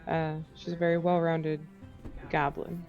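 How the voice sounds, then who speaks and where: A woman playing a tabletop game, calm and matter-of-fact. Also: deep voice, measured pace, soft background music. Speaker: player. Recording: dull lo-fi audio.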